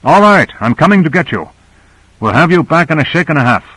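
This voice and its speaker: A man doing an urgent male rescuer, higher and louder. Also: big pitch swings, fairly quick, no echo, poor audio. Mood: calling out.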